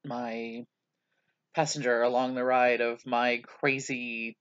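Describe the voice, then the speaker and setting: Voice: medium pitch, flat delivery, slow pace, fairly bright tone, clear, resonant tone, lo-fi sound. A vlogger talking through a casual video journal, rambling and self-mocking, with many hesitations and restarts.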